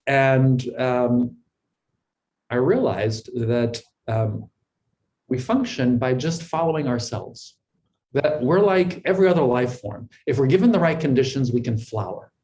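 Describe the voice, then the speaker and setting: A man's voice: mid-range voice, darkish tone, rough recording. A middle-aged man, a guest in an interview, telling his life story in an earnest, reflective way, often repeating words as he thinks. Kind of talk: conversational storytelling.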